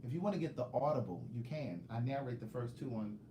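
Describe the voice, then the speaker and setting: A man's voice: medium pitch, fast talker, echoey room, a little hiss or hum. A man author chatting casually on a live stream, telling stories and teasing his viewers. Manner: animated storytelling, joking, teasing viewers.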